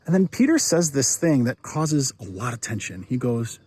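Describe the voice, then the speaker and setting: A man, a pastor, giving a short devotional talk in a relaxed, conversational way, often restarting and repeating words. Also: mid-range voice, moderate pace, slightly rough, no echo. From United States.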